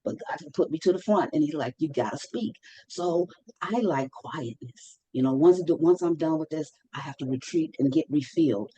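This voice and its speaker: A woman's voice: deep voice, normal speed, warm tone, husky, rough recording. A woman telling her own mental health story as a guest, emphatic, repeating phrases for stress and acting out what she once said. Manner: acts out her own past words in dialogue. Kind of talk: personal testimony in conversation.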